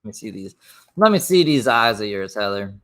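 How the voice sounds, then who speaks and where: A man's voice: lowish voice, sing-song, fairly quick, a bit bright. A man hosting a stream, commenting on a clip in a sarcastic, blunt way and swearing. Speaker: stream host reacting to a clip. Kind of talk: reaction commentary.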